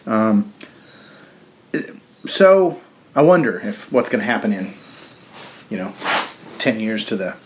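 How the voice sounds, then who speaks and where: A man hosting a show, giving a casual political commentary monologue in a halting way with frequent restarts and fillers. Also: fairly low pitch, big pitch swings, noisy background. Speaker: show host.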